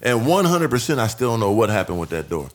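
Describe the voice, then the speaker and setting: A man spins a story at a fast clip as a guest in a casual chat, his delivery loose and animated. He leans hard on profane street slang and slips into acting out what other people said. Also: fairly low pitch. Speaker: podcast guest.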